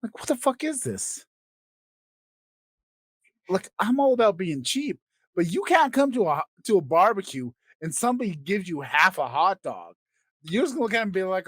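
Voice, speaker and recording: A man hosting a comedy podcast, ranting crudely and swinging between loud outbursts and quiet asides. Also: sits high, sing-song, moderate pace, no echo. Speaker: podcast host. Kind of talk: comedic rant.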